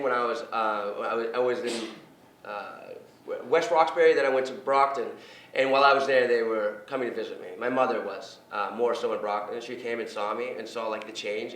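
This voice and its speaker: A man giving an animated, blunt recovery talk in a lecture room, joking and swearing as he goes. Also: medium pitch, fairly quick. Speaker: guest speaker on addiction recovery. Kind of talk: informal public talk. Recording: echoey room, distant mic, faint noise.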